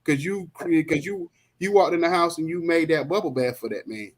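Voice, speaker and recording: A man's voice: fairly high pitch, brisk. Rambling podcast host, a man. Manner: rambling, conversational, full of fillers and restarts. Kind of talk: casual interview chat.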